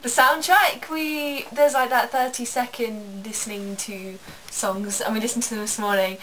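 A woman's voice: on the high side, steady tone, normal speed, a bit bright, slight background noise, rough recording. A woman co-hosting a vlog, chatting casually in an emphatic way. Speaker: vlog co-host. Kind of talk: casual chat.

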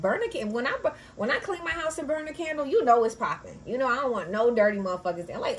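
A woman's voice: high voice, animated, fast, few pauses, a little hiss or hum. Brassy, profane woman reading horoscopes. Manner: loud, profane and playful, with frequent "okay?" tags. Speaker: astrology reading host. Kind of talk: casual tarot reading vlog. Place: home office.

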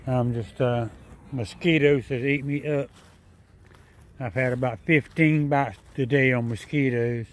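A man vlogging outdoors in his yard, tired and sad after a sleepless night, talking in a halting, repetitive, subdued way. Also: medium pitch, fairly even intonation. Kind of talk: casual vlog monologue.

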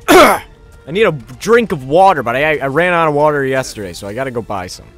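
Hoarse joking man gaming. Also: fairly high pitch, very animated, a little fast, a bit bright, faint music behind. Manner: crude, joking, rambling. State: hoarse, gravelly voice. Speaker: gamer. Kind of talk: casual let's play commentary.

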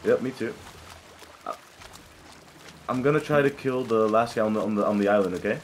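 Chatting with teammates during gameplay, this young game streamer speaks in a lowish voice and swears readily, his excitement spilling into sudden loud outbursts. Under his voice you clearly hear boat and water sounds from the game, plus slight hiss or hum.

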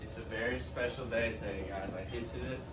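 A man's voice: medium pitch, steady tone, a little fast. A young man casually narrating a vlog about feeding his snakes, in a jokey, playful way, sometimes dropping to a whisper. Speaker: reptile vlogger.

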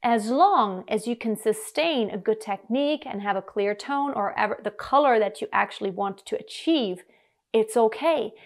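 A woman from Germany, a vocal coach, explaining singing technique in a clear, deliberate way to camera. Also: on the high side.

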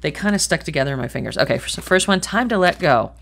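A woman's voice: sits low, animated, fast, gravelly, a bit bright. A middle-aged woman giving a chatty tarot reading to camera, rambling and thinking aloud, swearing casually and speaking bluntly. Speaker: tarot reader.

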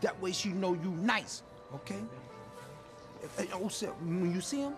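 A man's voice: sits high, moderate pace, music in the background, close to an everyday voice. An actor playing a brash, crude streetwise man who coaches his friend on women in a comedy film. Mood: boastful. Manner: boastful, crude, loud and animated. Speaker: film character.

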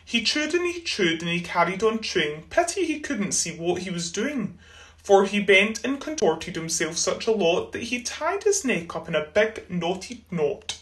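A woman reading a rhyming children's storybook aloud, expressive and rhythmic. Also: medium pitch, normal speed. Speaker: school reader.

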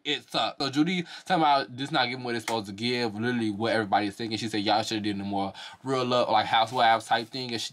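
A young man giving a casual, profane review of a reality show, talking fast and breaking into high mocking voices now and then. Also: a bit bright.

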